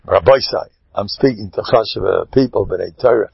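A man speaking as a rabbi in an animated Torah talk, emphatic, swinging between loud exclamations and low asides. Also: normal speed, vocal fry, breathy edge, no echo, muffled recording.

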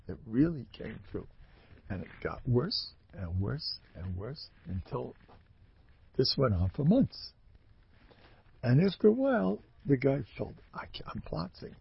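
A man giving a storytelling sermon, talking in an animated way with sudden loud, emphatic rises. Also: medium pitch, vocal fry, breathy edge. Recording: dull lo-fi dry recording.

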